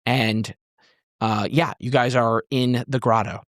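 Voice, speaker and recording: A man's voice: medium pitch, steady tone, slow, fairly bright tone, no room sound. Male game master, loose rambling scene-setter, dry studio sound. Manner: rambling descriptions full of fillers. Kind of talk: narrating a tabletop game.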